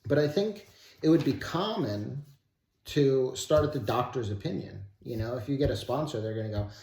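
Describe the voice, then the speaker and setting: A man's voice: medium pitch, lively intonation, moderate pace, darkish tone, slight background noise. Man reading aloud in an echoey room. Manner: loose, rambling asides with swearing. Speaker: host of a daily recovery-book study. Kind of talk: reading aloud with casual commentary.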